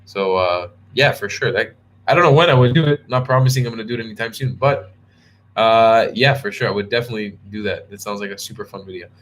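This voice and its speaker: This tired young travel vlogger talks fast in a fairly low, slightly bright voice, yawning during a casual livestream. He answers viewer comments in a rambling way, frequently restarting.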